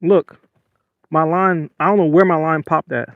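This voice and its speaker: A man, hosting a fishing livestream from a small boat and talking casually and excitedly to his viewers. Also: fairly high pitch, unhurried, no echo, phone-quality sound. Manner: excitable, venting, apologetic. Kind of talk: casual live-stream talk to viewers. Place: small boat on open water.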